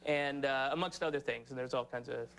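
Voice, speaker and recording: A man in his thirties, a comedian guest on a talk show, talking in a sardonic, rambling way and mocking people with quick put-on voices. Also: mid-range voice, vocal fry, a bit bright. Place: TV studio with live audience.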